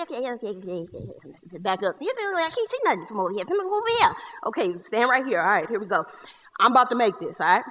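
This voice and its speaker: A woman's voice: medium pitch, natural voice. A woman in a one-person stage show playing a boisterous young Black man with a Southern accent, who talks in streetwise slang and tells stories with jokes. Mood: bossy. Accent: Southern US (North Carolina). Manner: streetwise slang, joking, lively storyteller. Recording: live theater hall reverb.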